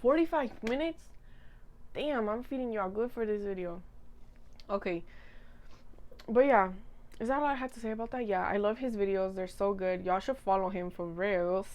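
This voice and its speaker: A woman's voice: mid-range voice, moderate pace, long pauses, a little mellow. A young woman in her twenties chatting casually to camera, rambling, giggling and teasing herself while she eats. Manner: rambling, giggly, self-mocking. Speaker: vlogger. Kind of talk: casual chat.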